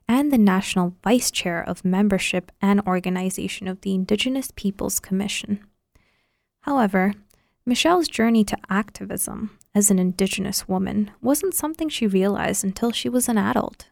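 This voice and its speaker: Woman reading podcast narration, measured, bit of vocal fry, dry close mic. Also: medium pitch, darkish tone, no echo. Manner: measured and informative. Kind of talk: scripted narration.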